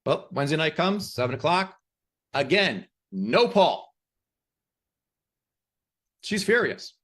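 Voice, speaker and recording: A man hosting a podcast who gives a motivational talk and tells stories in an emphatic, animated way. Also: on the high side, takes it slowly. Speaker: podcast host.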